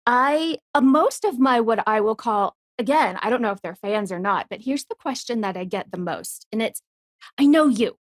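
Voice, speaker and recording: A woman co-hosting a podcast in casual chat, animated and quick with laughs, acting out the people she quotes. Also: a little high, no echo, studio quality. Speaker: podcast co-host.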